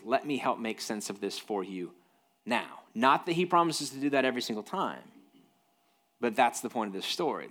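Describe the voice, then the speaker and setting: A man's voice: medium pitch, a bit bright. A man preaching a sermon in a conversational way, reading scripture and breaking off into jokey asides. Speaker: pastor.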